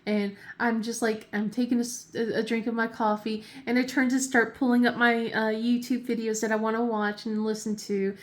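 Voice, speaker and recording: A woman's voice: fairly high pitch, flat delivery, normal speed, few pauses. A woman in her thirties hosting a casual crafting chat from her home desk, giggly and chatty with many fillers and restarts. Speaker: craft channel host.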